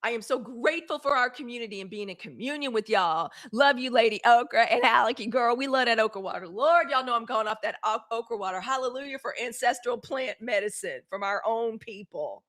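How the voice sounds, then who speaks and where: Woman, Mississippi Southern accent, livestream host, blunt and fiery, bright voice, somewhat high. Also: brisk, few pauses. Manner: talks straight to viewers, calls them y'all, fiery and blunt with swearing. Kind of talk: casual livestream commentary.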